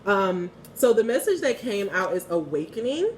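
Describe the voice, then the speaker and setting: A woman in her thirties giving a casual spiritual card reading and prayer, candid and quick to swear and laugh. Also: mid-range voice, very animated, a little hiss or hum. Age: 30s. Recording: echoey room, heard from a distance.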